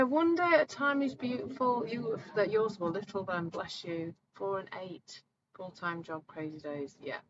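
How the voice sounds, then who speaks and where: Chatty woman coach, bright voice. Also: fairly low pitch, lo-fi sound, a little hiss or hum. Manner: chatty, animated storytelling, acts out voices. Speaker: coach hosting a live talk. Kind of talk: live online talk answering viewers.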